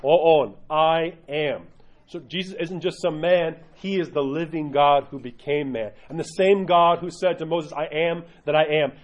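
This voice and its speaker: Heard on a dull, lo-fi recording, an Orthodox Christian teacher runs a religion class for a group, his voice sitting on the high side at a moderate pace. He frequently breaks off to ask the students questions, so his delivery moves unevenly.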